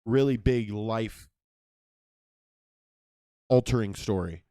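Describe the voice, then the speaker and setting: A young man co-hosting a casual podcast, telling a story in a profane, animated way. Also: on the low side, slow pace, no echo, clean studio sound. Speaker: podcast co-host.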